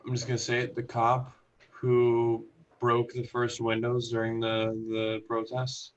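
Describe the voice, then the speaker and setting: A man's voice: mid-range voice, unhurried. A man in casual chat with friends, retelling a video with acted-out quotes and plenty of swearing. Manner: animated storytelling, acts out quotes, swears freely. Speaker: podcast co-host. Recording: muffled lo-fi audio.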